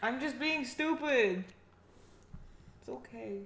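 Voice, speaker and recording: Lively-voiced woman artist, echoey room. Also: medium pitch, moderate pace, a little hiss or hum. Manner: easygoing, hesitant, self-deprecating. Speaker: artist streaming her drawing. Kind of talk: casual livestream chat.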